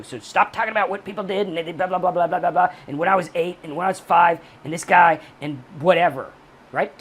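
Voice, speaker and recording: A man's voice: high-pitched, fast talker, fairly bright tone. Blunt, profane man giving advice. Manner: blunt, profane, emphatic, repeats key points. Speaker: recovery channel host. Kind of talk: direct-to-camera advice monologue.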